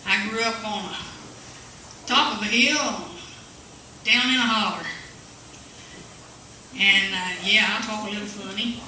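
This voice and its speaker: A nervous woman with a West Virginia mountain accent tells stand-up stories at an open mic, stumbling over fillers as she goes. Her voice is very bright, and it echoes heavily through a coffee house, recorded from out in the room with faint hum behind. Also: mid-range voice, steady tone, distant mic. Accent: West Virginia Appalachian. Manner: nervous, halting, many uhs. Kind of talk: stand-up comedy. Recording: echoey room, taped from afar.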